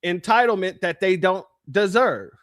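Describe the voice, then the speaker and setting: A man hosts a livestream, talking to his chat in an emphatic commentary style. His voice sits high for a man, and he drives points home by repeating them. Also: lively intonation, normal speed, fairly bright tone. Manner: emphatic, repeats phrases, addresses chat as family. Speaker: livestream host.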